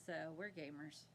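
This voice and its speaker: A woman's voice: sits low, a little hiss or hum. A woman hosting her own crafting podcast from home, chatting casually and rambling with frequent laughter. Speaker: podcast host. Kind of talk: casual chat to camera.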